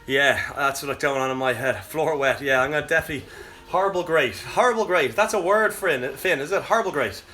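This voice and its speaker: A man, out of breath, leading a live workout with energetic cues and chatty asides. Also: fairly high pitch, fairly quick, hardly any pauses. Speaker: fitness coach. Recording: echoey room, mic at a distance, faint music.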